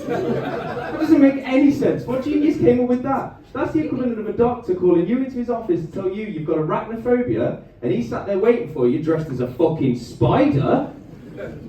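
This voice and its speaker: Stand-up comic, lively and echoey. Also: male voice, high voice, highs cut off. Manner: chatty crowd work, quick asides to the audience. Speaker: stand-up comedian. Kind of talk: stand-up comedy set. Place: comedy club stage before a live audience. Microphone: handheld stage microphone. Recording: far-off echoey club recording with noise.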